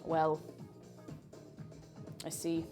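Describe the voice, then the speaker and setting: A woman's voice: sits low, completely flat delivery, very slow, music in the background. A woman streamer chatting playfully while she cooks on a livestream, now and then breaking into silly noises. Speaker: livestreamer and VTuber. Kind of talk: casual chat while cooking on a livestream.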